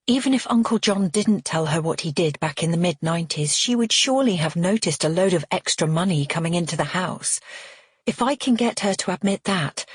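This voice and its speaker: A woman narrating a first-person crime audiobook at a measured, steady pace. Her voice is slightly husky and sits a little low. The sound is close and dry, with no room echo.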